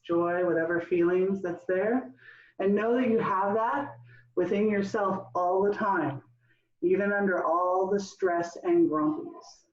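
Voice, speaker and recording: Woman leading laughter yoga, slow and roomy. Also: mid-range voice, darkish tone. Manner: cheerful, coaxing instructions. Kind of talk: guided laughter yoga session. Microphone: video call. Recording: roomy, distant, dull lo-fi sound.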